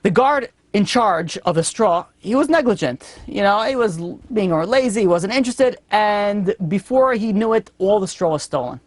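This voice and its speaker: Animated storytelling rabbi, man. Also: high voice, moderate pace, few pauses, no room sound. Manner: animated storyteller acting out characters. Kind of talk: storytelling Torah lesson.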